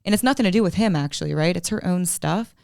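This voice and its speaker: A woman mental health counselor in casual podcast chat, telling stories animatedly with quick asides. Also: fairly low pitch, gravelly, a little mellow, clean tone, dry recording, studio quality.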